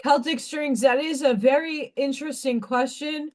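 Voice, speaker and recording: A woman with a high voice, steady tone and moderate pace hosts a live craft stream. She preaches passionately about spiritual growth and swears freely.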